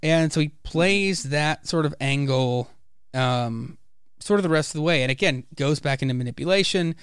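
A man with a smooth, resonant voice chats casually about a comic book, retelling each scene with lively little impressions of the characters. The sound is close and dry, with no room around it. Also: fairly high pitch, moderate pace, no room sound. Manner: animated retelling, acts out characters' lines. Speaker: podcast host.

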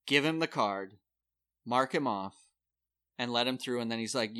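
A man's voice: medium pitch, moderate pace, a bit bright, clear, resonant tone. A man casually telling a long story on a podcast, acting out the people he quotes.

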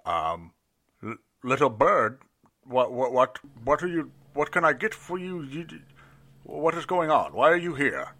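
A man's voice: medium pitch, big pitch swings, a little slow, bright, forceful tone, exaggerated voice. A man playing a nervous, overweight male elf barkeep who stammers and gets flustered.

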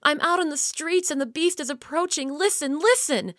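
A small, frightened boy in a storybook, high and breathless, begging for his life, voiced by a woman reading aloud. His lines come out pleading and urgent, lifted well above the reader's own voice. The sound is dry and close, with no room around it. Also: very animated, moderate pace, a bit bright, no room sound, heavily acted. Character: small frightened child, pastry cook's son.

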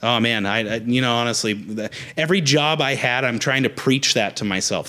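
A young adult man preaching a sermon as a pastor, emphatic and animated, repeating rallying phrases. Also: mid-range voice, a little fast, few pauses.

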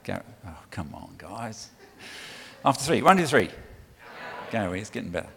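Preacher with a gravelly low voice. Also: male voice, big pitch swings, moderate pace, a bit bright. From United Kingdom. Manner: conversational, punchy, coaxes the congregation to respond. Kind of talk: sermon. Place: church. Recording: long reverb of a large hall.

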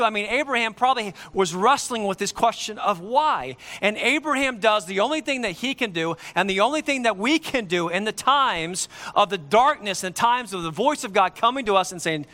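A male preacher delivers a sermon in a high, bright voice. He speaks emphatically, slowing down to repeat his key lines for effect. His delivery rises and falls with his points. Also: animated.

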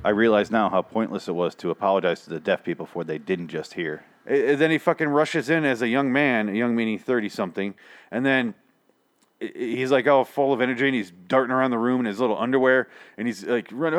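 Tired in the late hours, this host delivers a casual review rant about an episode, rambling, swearing and sounding thoroughly exasperated. His voice is medium in pitch and his pace brisk.

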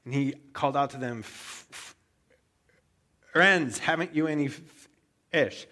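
A man preaching a sermon, telling a story with animated asides and frequent stammered restarts. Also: fairly high pitch, a little slow. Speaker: pastor.

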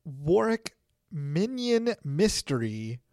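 A man's voice: a little high, very animated, slow, a little mellow, no echo. A man co-hosting a faith podcast in a studio, chatting casually and laughing often at his own jokes. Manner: laughs often, joking banter. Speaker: podcast co-host. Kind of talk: casual chat.

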